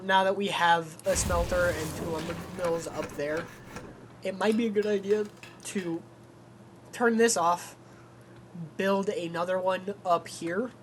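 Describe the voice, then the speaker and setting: A man co-hosting a game stream, relaxed and thinking aloud as he plays. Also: sits high, a little slow, pauses often, slight background noise, poor audio. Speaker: co-host. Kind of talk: casual gameplay stream chat.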